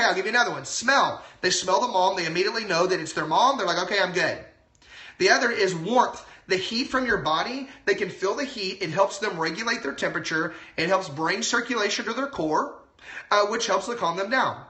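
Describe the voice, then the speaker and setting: Excited chatty man, bright voice. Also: high voice, roomy sound. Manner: excited, chatty, lots of asides. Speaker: doctor giving health advice. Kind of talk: casual livestream talk.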